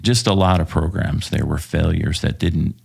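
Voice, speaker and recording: A man's voice: extremely low pitch, moderate pace, vocal fry, darkish tone, husky. A man from Texas, a podcast guest and former police officer, telling stories casually with lots of swearing and "um"s. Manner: profane, hesitant with many fillers. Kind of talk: casual storytelling.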